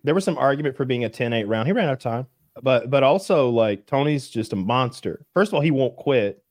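A man's voice: medium pitch, lively intonation, fairly quick, darkish tone, no echo, studio quality. A man co-hosting a casual podcast chat, arguing his points emphatically. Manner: argumentative, emphatic. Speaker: podcast co-host.

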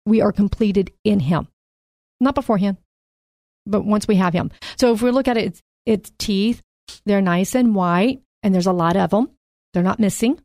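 A woman of middling pitch talks through scripture in a relaxed, chatty way and laughs easily. She slows down to read verses aloud. The sound is dry and close, with no room echo. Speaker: podcast co-host. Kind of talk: casual Bible study chat.

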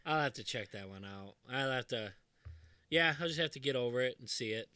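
A man's voice: mid-range voice, expressive, brisk, sharp tone, clear, resonant tone, no room sound. Chill guy on a podcast, mostly short yeahs, dry sounding room. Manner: laid-back, short agreeing replies. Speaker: podcast co-host. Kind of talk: casual chat.

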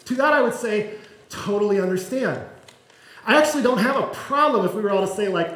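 A man with a high voice preaches a sermon, chatty and self-deprecating, joking as he goes. The sound is echoey, as if from a church sanctuary. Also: animated, fast talker, pushed and bright. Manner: conversational and self-deprecating, with humor. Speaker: pastor.

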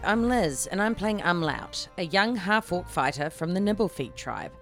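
A woman with a fairly low voice introduces her tabletop game character. She sounds upbeat and playful, her pitch swinging widely, with faint music in the background. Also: lively intonation, normal speed, a bit bright. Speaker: player.

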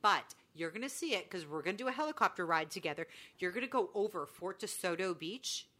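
A woman's voice: lowish voice, animated, a little fast, bright, forceful tone. A woman co-hosting a podcast, chatting casually and acting out quoted dialogue as she tells a story. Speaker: podcast co-host. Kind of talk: casual chat.

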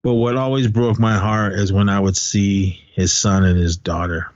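A middle-aged man from California, chatting on a podcast, telling stories in a profane, animated rant. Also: lowish voice, moderate pace, no room sound. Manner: profane, ranting, animated storytelling. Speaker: podcast co-host. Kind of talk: casual podcast chat. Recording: dull, dry podcast recording.

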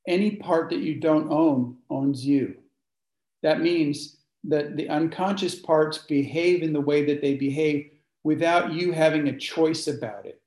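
A man's voice: on the high side, a little mellow. A man leading a workshop, speaking informally and asking the group questions. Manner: conversational, asks the audience questions. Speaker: workshop leader. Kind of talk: informal teaching talk to a group. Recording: echoey room.

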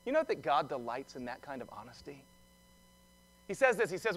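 A male pastor gives an Easter sermon in a loose, storytelling style, with quips and questions to the congregation. His voice sits high and sounds bright and forward. He moves easily between joking asides and earnest points. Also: expressive, moderate pace, long pauses. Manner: conversational storytelling with humor.

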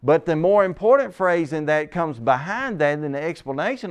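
A man preaching a sermon, reading scripture aloud and slowing down to stress its key phrases. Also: fairly high pitch, expressive, smooth. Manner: reads scripture aloud, then explains it.

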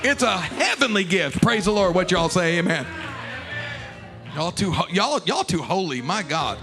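A man preaching a sermon as bishop at a church service, shouting and singing phrases, calling for responses from the congregation and joking between points. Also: sits high, big pitch swings, normal speed. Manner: playful joking asides. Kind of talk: sermon with sung refrains. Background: music playing.

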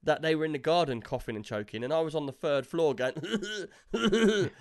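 A man hosting a gaming podcast, telling stories in an animated way and laughing often. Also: fairly high pitch, fast, smooth. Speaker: podcast host. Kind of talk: casual chat.

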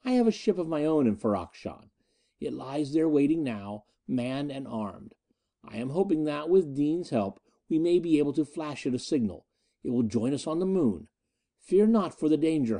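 A man voicing a cunning, ruthless male space-pirate leader who speaks in a measured, coldly matter-of-fact way. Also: mid-range voice, warm tone.

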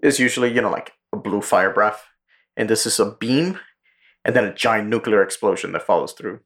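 Low-voiced man retelling a movie plot. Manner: profane, animated storytelling with quick character impressions. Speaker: podcast co-host.

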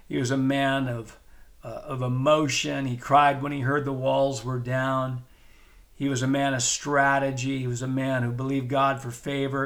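A man's voice: medium pitch, a bit bright. A middle-aged man preaching a podcast sermon with enthusiastic, emphatic delivery and repeated phrases. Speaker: pastor.

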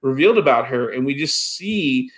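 A man's voice: mid-range voice, expressive, normal speed. Rambling man in casual chat. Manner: rambling, full of "you know" fillers.

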